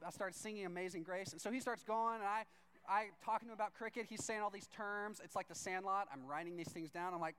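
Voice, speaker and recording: A man telling a funny personal story to a church audience, animated and self-deprecating, with sudden excited outbursts. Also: sits high, fast, clean tone. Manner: animated, self-deprecating, jumps into excited shouts when acting out his own reactions. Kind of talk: comic storytelling.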